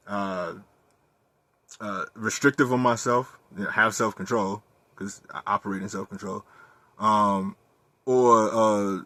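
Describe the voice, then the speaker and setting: A young man talking candidly in a personal monologue, profane and animated as he tells his story. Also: lowish voice, no echo. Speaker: vlogger.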